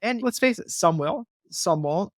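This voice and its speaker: A man's voice: sits high, lively intonation, a little slow, no room sound, clean studio sound. A man being interviewed, talking earnestly and persuasively, acting out phone calls to make his points. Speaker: guest, real estate investor. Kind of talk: interview, conversational explanation.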